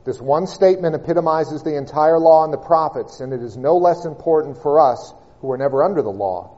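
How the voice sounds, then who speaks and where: A man preaching a sermon, reading and expounding scripture with measured, emphatic delivery and slowed key words. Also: on the high side, dark tone, dull audio.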